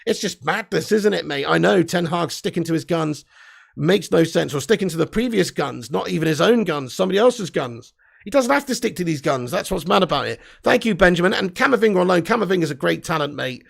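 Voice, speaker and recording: Young guy, high gravelly voice, blunt sweary live-stream host, excitable banter. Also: brisk. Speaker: livestream host. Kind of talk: live fan chat reading comments.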